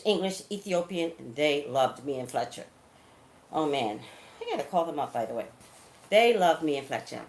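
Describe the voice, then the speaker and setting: A woman vlogger who talks straight to her viewers, chatting and telling stories in an animated way. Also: deep voice, echoey room. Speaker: psychic vlogger. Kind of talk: casual chat to camera.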